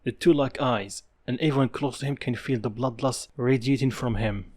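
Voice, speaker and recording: A man's voice: mid-range voice, expressive, normal speed, hardly any pauses, darkish tone. A man narrating a fan story in a casual, offhand way. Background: background music.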